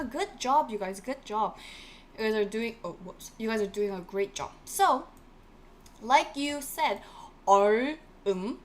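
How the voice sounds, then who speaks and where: A woman's voice: medium pitch, slight background noise. A woman teaching a Korean class on a live stream, encouraging her students and repeating key words so they sink in. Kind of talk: live-streamed online lesson.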